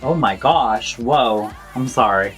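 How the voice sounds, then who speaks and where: A woman hosting a song reaction video, effusive and bursting into shouts, gasps and bits of singing along. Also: a bass voice, takes it slowly. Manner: sings and hums along. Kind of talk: excited song reaction commentary. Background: faint music.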